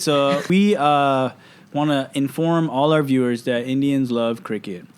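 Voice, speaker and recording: A man's voice: mid-range voice, measured pace, clean tone. A man co-hosting a podcast in casual chat, joking around and reading out figures. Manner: joking, reads stats aloud. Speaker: podcast co-host.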